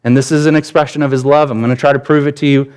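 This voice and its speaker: A man's voice: medium pitch, level tone, racing, darkish tone, clean tone. Conversational man preaching a sermon. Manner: conversational, personal anecdotes, frequent restarts. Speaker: pastor.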